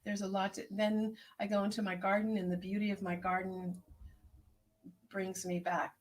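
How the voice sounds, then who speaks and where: A woman herbalist hosting an online tea circle, speaking in a gentle, unhurried, prayerful way as she reflects and reads out messages. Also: medium pitch, little pitch movement. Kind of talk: reflective spoken meditation and chat reading.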